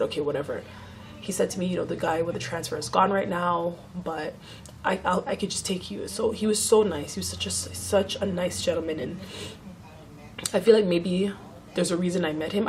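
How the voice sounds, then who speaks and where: A woman's voice: on the low side, a little hiss or hum. A young woman vlogger telling a story in a casual chat, swearing freely and acting out what others said.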